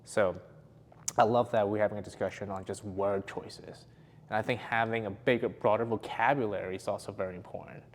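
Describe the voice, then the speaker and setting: A man's voice: on the low side, fairly even intonation, a little fast, long reverb tail, slight background noise. A man hosting a podcast, talking enthusiastically and laughing often. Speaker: podcast host, physiotherapist. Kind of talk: casual interview chat.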